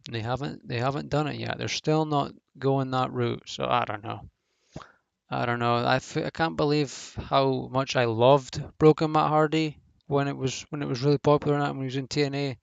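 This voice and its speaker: A man's voice: mid-range voice, fairly even intonation, normal speed, vocal fry, smooth, no room sound, lo-fi sound. A man giving a casual, rambling review of a wrestling show, blunt and swearing freely, with lots of fillers.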